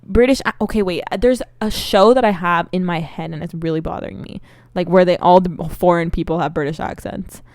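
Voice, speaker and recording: A woman's voice: fairly low pitch, fairly quick, a little mellow, dry recording, studio quality. A woman co-hosting a podcast, chatting casually and with strong opinions about movies, laughing between points. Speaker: podcast co-host.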